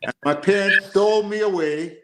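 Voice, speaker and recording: A man from Jamaica with a Jamaican accent mixed with American, telling stories on a call-in show in an animated way and laughing as he goes. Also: high-pitched, normal speed, heavy background noise. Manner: animated, laughs while telling stories, drifts between patois and American speech.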